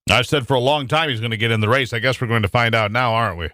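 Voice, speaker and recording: Rapid-fire and rambling, this American talk radio host keeps restarting and dropping fillers throughout his monologue. His mid-range voice sounds pushed and bright, captured in clean, dry studio audio.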